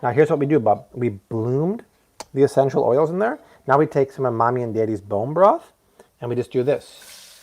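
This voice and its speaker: Animated, chatty man cooking live. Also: mid-range voice, moderate pace. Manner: chatty and playful, joking with the chat. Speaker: cooking show host. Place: home kitchen.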